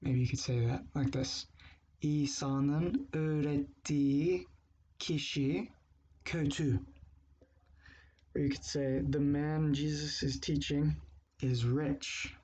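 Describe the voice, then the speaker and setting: A man teaching a language lesson, explaining grammar step by step and patiently repeating example phrases slowly. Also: medium pitch, level tone, darkish tone, husky, lo-fi sound.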